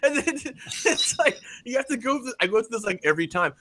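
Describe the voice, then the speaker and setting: A man's voice: extremely high pitch, big pitch swings, fairly quick, pushed and bright, no echo. A man in his forties talking in a rambling, profane way, full of fillers and restarts. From United States. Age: 40s. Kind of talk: casual chat.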